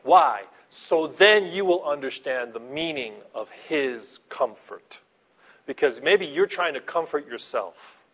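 A man preaching a sermon as a pastor, animated, swinging between soft asides and loud emphasis. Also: medium pitch, takes it slowly.

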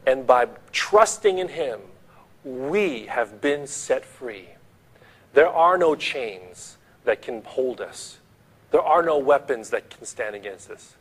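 A man's voice: mid-range voice, breathy edge. A man preaching a sermon, retelling a story vividly and speaking straight to his listeners.

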